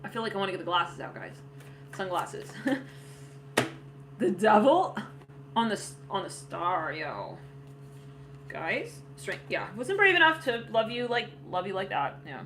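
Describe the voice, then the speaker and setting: A woman's voice: medium pitch, big pitch swings, a little slow, pauses often, noisy background. A woman giving a casual tarot reading, rambling with lots of fillers and frequent laughter. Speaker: tarot reader.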